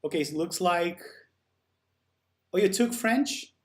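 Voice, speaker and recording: Male live-stream host, a bit high-pitched, relaxed chatty delivery, reads and answers chat as he goes. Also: measured pace. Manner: chatty, answers viewer comments while working. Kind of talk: casual chat with live viewers.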